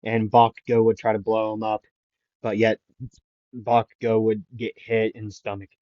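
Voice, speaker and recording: A man making up an anime fan-fiction story out loud, rambling with lots of fillers and self-corrections. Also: fairly low pitch, completely flat delivery, moderate pace, no room sound. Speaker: anime YouTuber. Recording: dull lo-fi dry mic.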